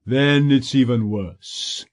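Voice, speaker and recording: A man putting on a pompous, slow-talking solicitor. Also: medium pitch, lightly acted. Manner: pompous, drawn-out, sanctimonious. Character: fat pompous scheming middle-aged male solicitor.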